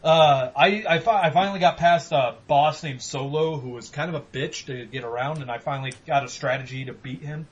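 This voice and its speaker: A man co-hosting a casual gaming podcast, talking animatedly, swearing and mock-yelling at games. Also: on the high side, fairly quick, hardly any pauses, lo-fi sound. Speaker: podcast co-host.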